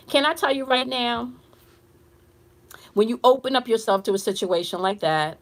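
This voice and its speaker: A woman's voice: medium pitch, fairly bright tone. A woman who works as an intuitive reader and coach tells a client story on a casual live stream. She talks bluntly, swears freely, and speaks straight to her viewers.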